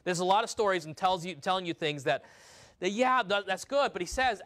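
Animated preacher man, slightly high voice. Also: brisk. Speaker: pastor. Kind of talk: sermon.

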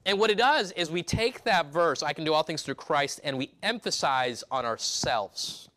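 A man preaching from the pulpit of a church, his voice bright and a little higher than most men's. He speaks emphatically, stumbling into restarts and throwing rhetorical questions at the congregation. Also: lively intonation, fairly quick, few pauses. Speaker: pastor. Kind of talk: sermon.

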